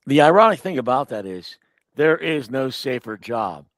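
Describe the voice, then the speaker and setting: A man appearing as a guest on a casual sports talk show, giving measured opinions with some restarts. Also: mid-range voice, sing-song, a bit bright, dry recording.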